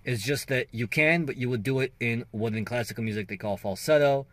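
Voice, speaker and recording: A man's voice: mid-range voice, fairly quick, fairly bright tone, dry recording. A man hosting a singing and guitar channel, explaining vocal registers casually and singing short demo notes. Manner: conversational explaining with fillers and sung demos. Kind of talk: casual video lesson.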